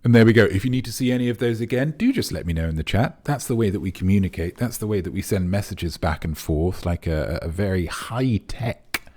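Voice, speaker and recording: A man's voice: lowish voice, brisk, few pauses, a little mellow. A man hosting a comic live quiz in a pompous, rambling, mock-serious manner. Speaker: quiz host.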